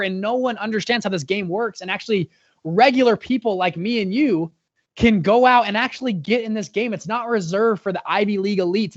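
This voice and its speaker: Young guy in an interview, fast excited storytelling, high-ish voice, dry dull sound. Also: no room sound. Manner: energetic, fast-talking storyteller with frequent restarts. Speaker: guest, fund founder.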